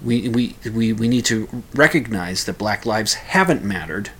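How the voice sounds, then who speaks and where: A man's voice: on the low side, unhurried, slightly rough. Rambling man talking solo. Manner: rambling, animated, with frequent restarts. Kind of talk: casual solo monologue.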